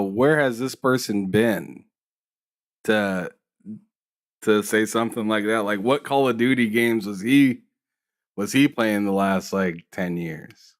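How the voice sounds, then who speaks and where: A man on a gaming stream panel who talks haltingly and sounds incredulous, restarting and repeating words. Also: fairly low pitch. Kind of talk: casual gaming chat on a live stream.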